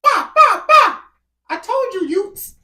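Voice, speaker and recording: A man mimicking a taunting British street tough in a squeaky put-on voice. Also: sing-song, slow, pushed and bright, echoey room, distant mic, full character voice.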